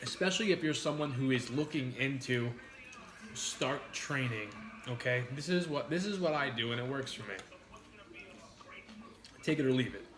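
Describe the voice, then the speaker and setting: A man's voice: mid-range voice, normal speed, long pauses. Joking man in a roomy home recording. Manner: joking, crude, rambling advice. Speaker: mukbang vlogger. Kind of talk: casual chat while eating. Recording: roomy with clear background noise.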